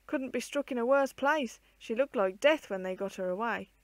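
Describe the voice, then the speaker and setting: A woman's voice: fairly high pitch, normal speed, no echo, lightly acted. A woman reading aloud, voicing a blunt man gossiping in a street crowd, in a dry room. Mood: grim.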